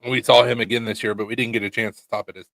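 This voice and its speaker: A man's voice: mid-range voice, level tone, very fast, gravelly, fairly bright tone, no echo. A man co-hosting a casual chat show, telling laid-back stories and swearing casually. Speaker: podcast co-host, knife maker.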